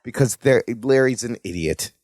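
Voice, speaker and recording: A man co-hosts a podcast, casually recapping a sitcom episode in an animated way and acting out the characters' lines in quotes. His voice is mid-range and his pace normal, with studio-quality sound and no echo.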